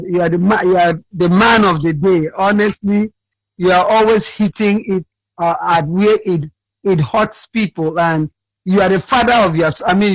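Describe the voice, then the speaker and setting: A man phones in to a radio show, tired and cracking in voice. He talks in a high, dry tone, rambling and circling back on his words as he slips between English and his dialect. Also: dry recording, poor audio. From Akwa Ibom State, Nigeria. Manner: rambling, repeats himself, switches to his dialect. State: sleepy, cracking voice. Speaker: caller.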